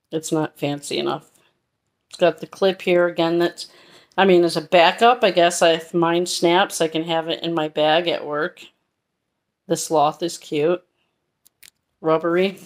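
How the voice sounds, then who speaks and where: A woman vlogger chatting her way through a haul review, frank and rambling. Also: fairly low pitch.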